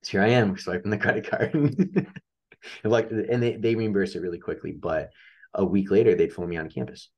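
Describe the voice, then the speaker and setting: Very low-voiced man telling a story. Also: normal speed, husky. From upstate New York. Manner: animated storyteller acting out quoted dialogue. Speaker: guest, track coach. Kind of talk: casual storytelling interview.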